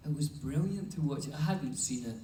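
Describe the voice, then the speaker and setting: A man's voice: fairly high pitch, lively intonation, normal speed, warm tone, a little hiss or hum. A middle-aged man on a film cast panel telling an easygoing, chuckling anecdote. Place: large convention hall. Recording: echoey hall, distant mic.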